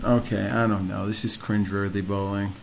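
A man's voice: fairly low pitch, little pitch movement, brisk, gravelly. Young man, gameplay commentary, self-mocking, noisy recording, mouse clicks. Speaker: gamer. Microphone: desk mic. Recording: noisy home mic with clicks.

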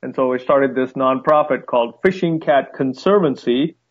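A young adult man with an Indian accent softened by time in the U.S. speaks as a wildlife conservationist guest in a casual interview. His mid-range voice moves at normal speed, friendly and enthusiastic, with fillers and light laughs. He's in a room at home with a guitar behind him, and the audio comes through a tinny, phone-like line.

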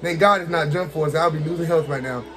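A man casually commentating his own fighting game match, excitable, talking to the characters on screen and laughing often. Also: a little high, fast talker, music in the background. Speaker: gaming streamer.

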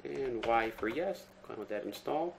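A man giving a relaxed, step-by-step screen-recorded tech tutorial, talking through each command with fillers. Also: medium pitch, normal speed, gravelly, a little hiss or hum. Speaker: tutorial presenter.

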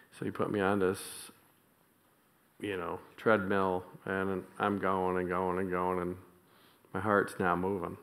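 A man preaches to his congregation in a relaxed, conversational way, telling stories and laughing along the way. His voice sits a little low, and it grows lively and excited when he acts out what someone else said. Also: creaky. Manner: storytelling, chuckles often, animated when quoting others. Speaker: pastor. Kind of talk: sermon. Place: church.

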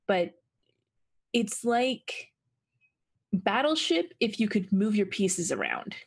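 A woman chatting casually with her tabletop group, pausing often with ums and restarts. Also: mid-range voice, very animated, gravelly. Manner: hesitant, many ums and restarts. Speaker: player. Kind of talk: casual chat. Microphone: voice-chat microphone.

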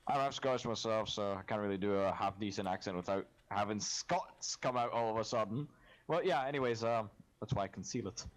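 A man's voice: lowish voice, a little fast. A man hosting gaming commentary, talking casually with lots of swearing and jokes. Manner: casual, profane, joking. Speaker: host.

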